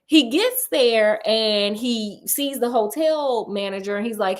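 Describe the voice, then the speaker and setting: Animated, jokey woman storyteller. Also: a little high, measured pace, few pauses. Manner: animated, jokey, slangy asides. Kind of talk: casual story retelling.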